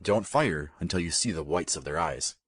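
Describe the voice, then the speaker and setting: Guy doing a calm grim soldier, very deep, husky, dry sound. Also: normal speed, no echo, exaggerated voice. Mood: grim joking.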